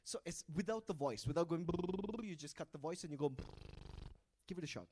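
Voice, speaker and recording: A man's voice: fairly high pitch, fairly quick, a little mellow, slight background noise. A man hosting a live event on stage, playfully teasing and coaxing the audience into group activities over a handheld mic. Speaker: event host.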